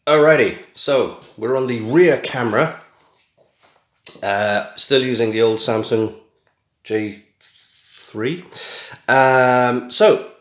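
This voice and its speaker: Unboxing something in a small room at home, a middle-aged British man talks casually, full of dry, self-deprecating remarks. This tech vlogger has a medium-pitched voice, and the camera mic catches an echoey room.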